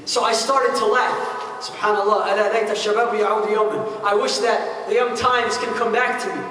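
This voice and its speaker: A man's voice: sits high, steady tone, fast talker, sharp tone. A man, an imam, telling a story in a sermon, joking and talking straight to his audience. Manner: storytelling with jokes and asides to the audience. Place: mosque hall. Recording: echoey hall, voice from far off.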